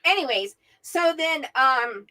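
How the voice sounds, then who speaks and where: A middle-aged woman co-hosts a casual Bible discussion, telling the story in a high, bright voice. Her pitch swings widely as she animates each scene. She keeps checking in with "right?" as she goes. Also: lively intonation, takes it slowly, poor audio. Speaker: co-host, mother of the other host. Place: at home, remote from her co-host.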